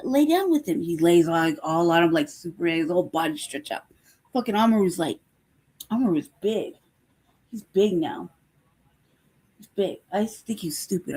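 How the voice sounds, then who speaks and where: A woman hosting a casual live chat, telling stories, laughing often and swearing freely. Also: medium pitch. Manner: laughing often, profane, animated storytelling. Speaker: host.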